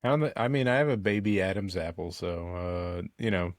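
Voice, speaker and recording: A fairly low-pitched man delivers absurd jokes deadpan, chuckling often. His voice is close and dry, with no room sound at all. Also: moderate pace, no room sound. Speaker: podcast co-host. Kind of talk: casual comedy chat.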